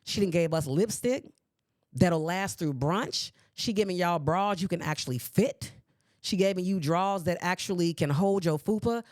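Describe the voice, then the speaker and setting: A woman in her forties hosting a podcast, ranting at her listeners in a sassy, animated way. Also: lowish voice, normal speed, no echo, studio quality. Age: 40s. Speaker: podcast host. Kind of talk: solo podcast commentary. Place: podcast recording space.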